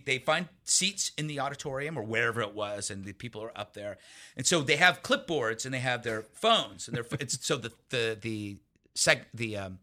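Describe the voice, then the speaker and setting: A man as an interview guest, telling a story in an animated way, laughing often and acting out what other people said. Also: mid-range voice. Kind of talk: storytelling anecdote in a conversational interview.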